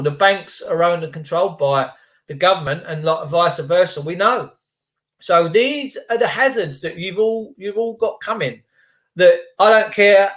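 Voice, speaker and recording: A man's voice: sits high, a bit bright. An English man ranting heatedly in a casual monologue, swearing freely and restarting his sentences. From England. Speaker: tradesman.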